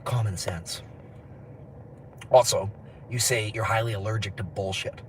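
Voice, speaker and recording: A man's voice: fairly low pitch, measured pace. A man livestreams from a phone out on the street, rambling from one thought to the next. He laughs often and swears casually. Faint street noise sits under his voice. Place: outdoors on city streets.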